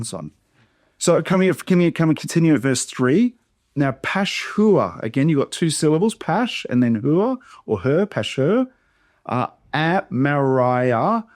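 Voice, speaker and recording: A man with an Australian accent, a pastor teaching how to read hard biblical names aloud, sounding each one out slowly and deliberately. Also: medium pitch, darkish tone, no echo, clean studio sound. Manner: slow, deliberate syllable-by-syllable modelling. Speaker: pastor teaching Bible reading. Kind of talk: workshop teaching pronunciation.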